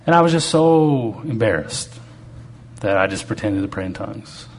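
A man's voice: on the low side, expressive, normal speed, slight background noise. A man preaching to a congregation, telling stories from his own life in a conversational, humorous way. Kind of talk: testimony-style sermon.

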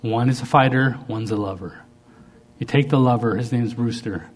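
A middle-aged male pastor preaching a sermon, jumping to loud, high bursts when he acts out prayers and then dropping back low. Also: normal speed.

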